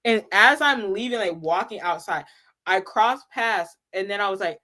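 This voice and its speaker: A woman chatting casually as co-host, telling an animated story with lots of "like" and frequent laughter. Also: medium pitch, unhurried. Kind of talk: casual fan chat.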